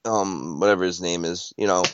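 A man in a casual podcast chat who talks haltingly, with many fillers and repeats. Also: deep voice, fairly even intonation, a little hiss or hum. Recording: dull, dry lo-fi sound.

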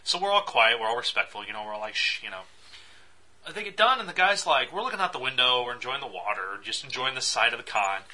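Man, husky, bright tone, lively pitch, casual storytelling, acts out quotes. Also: fast talker.

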